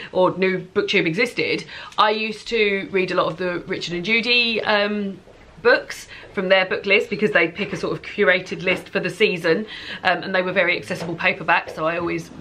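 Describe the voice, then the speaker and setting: A woman's voice: on the low side, pushed and bright. A woman vlogging at home, chatting casually about books in a rambling way full of fillers. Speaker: book vlogger. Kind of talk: casual chat to camera.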